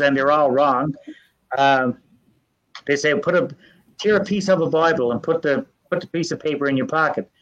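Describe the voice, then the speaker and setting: This is an older man, sharing folklore in a casual, earnest storytelling manner. His voice sits a bit high for a man. He often restarts his sentences, and the recording has a dull, lo-fi sound. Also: fairly bright tone. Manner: folksy, earnest, halting with restarts. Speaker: storyteller guest.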